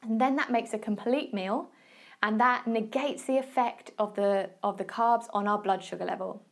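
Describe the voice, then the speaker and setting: A woman's voice: fairly high pitch, moderate pace. A woman with an Essex accent hosting a solo podcast, giving nutrition advice in a chatty, encouraging way and often checking in with the listener. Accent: Essex English. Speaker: podcast host and nutrition coach. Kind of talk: casual solo podcast talk.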